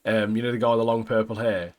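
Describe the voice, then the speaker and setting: A man's voice: fairly low pitch, level tone, fast. A man co-hosting a podcast, casually recapping an anime episode in a rambling way with lots of fillers. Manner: rambling, many fillers, laughs at own retelling. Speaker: podcast co-host.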